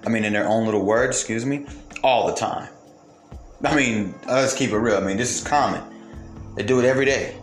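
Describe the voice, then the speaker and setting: A man's voice: medium pitch, brisk. Heated man ranting in a roomy space. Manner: heated, profane, full of rhetorical questions. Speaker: commentator. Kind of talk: ranting monologue to viewers. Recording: roomy echo, faint music behind.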